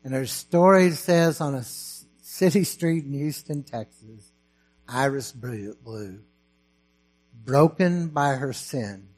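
A man preaching a sermon at a deliberate, unhurried pace, his voice sitting a bit high for a man. He speaks slowly and with emphasis, building to fervent, raised passages. A low electrical hum runs underneath the recording. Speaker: pastor.

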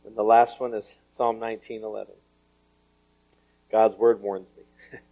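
A man's voice: lowish voice, level tone, measured pace, pauses often. A man, preaching a sermon full of personal testimony and told in a folksy, storytelling way. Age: 40s. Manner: folksy storytelling with laughter and swings in volume. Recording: dull lo-fi recording.

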